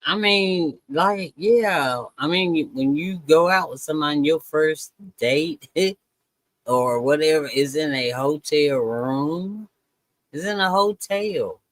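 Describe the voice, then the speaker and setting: A woman's voice: low voice, slow pace, no room sound. A woman co-hosting a live stream, chatting casually and drawling "girl" and "y'all". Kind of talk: casual chat.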